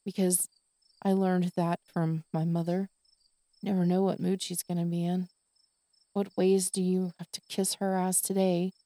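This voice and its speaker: A worn-out woman vents on her podcast, swearing as she rants in exasperation. Her voice is mellow and warm, and the recording is dry and close, with crickets and insects chirping faintly behind her. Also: fairly low pitch, flat delivery, a little slow, dry recording. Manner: exasperated, swearing, tired ranting. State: exhausted. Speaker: podcast host. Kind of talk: venting monologue.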